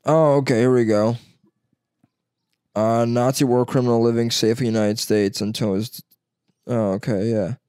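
A man's voice: mid-range voice, normal speed, long pauses, clear, resonant tone, no room sound. Young male co-host, loose and profane, jokey banter, dry close sound. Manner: swearing, joking, animated impressions. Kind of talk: casual chat.

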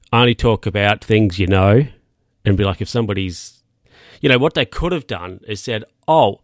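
A man's voice: on the low side, creaky, dry recording, clean studio sound. A man hosting a casual solo podcast, rambling and correcting himself as he talks. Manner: rambling, self-correcting, chatty asides. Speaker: podcast host. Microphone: podcast mic.

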